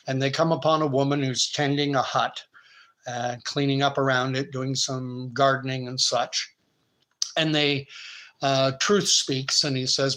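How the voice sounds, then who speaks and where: A Canadian man in his fifties, hosting and retelling a parable in a relaxed, conversational way. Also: mid-range voice, unhurried, poor audio. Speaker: host. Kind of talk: storytelling commentary.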